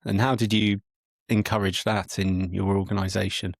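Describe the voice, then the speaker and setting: A male interviewer with a low, gravelly voice guides the talk with short affirmations and gently probing questions. He is recorded close on a dry mic with no room around him. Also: little pitch movement, normal speed, dry recording. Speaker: podcast host.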